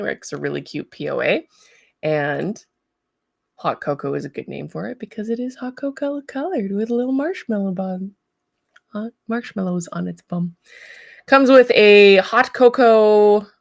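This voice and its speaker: A chatty woman hosts a casual livestream in a low, gravelly voice. She laughs easily and greets viewers by name, recorded close and dry. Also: dry recording. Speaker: livestream host.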